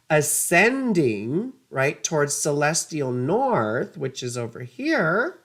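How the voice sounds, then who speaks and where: A woman astrologer giving a casual astrology lesson, easily flustered, muttering curses and wandering into rambling asides. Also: low-pitched.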